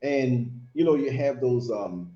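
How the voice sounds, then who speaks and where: A man in his fifties hosting a casual chat, telling stories in an animated way and laughing big. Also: medium pitch, unhurried. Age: 50s. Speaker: podcast host. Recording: lo-fi echoey call audio.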